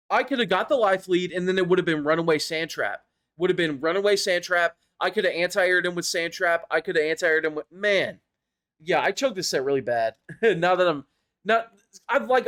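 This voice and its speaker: With a voice that sits high and a bit bright, a young YouTuber reviews his own tournament gameplay. His commentary is casual and meandering, full of self-criticism, swearing and laughter at his errors.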